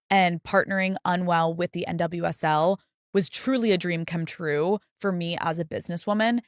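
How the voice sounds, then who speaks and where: A woman's voice: fairly low pitch, dry recording, studio quality. A woman hosting a podcast, reading an upbeat sponsor spot and prompting her guest with questions. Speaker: podcast host. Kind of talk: podcast host reading an ad and interviewing.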